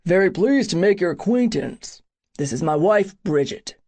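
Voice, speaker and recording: A woman's voice: fairly low pitch, animated, moderate pace, darkish tone. A woman voicing a courteous, formal older male commanding officer in an audiobook. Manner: formal and polite.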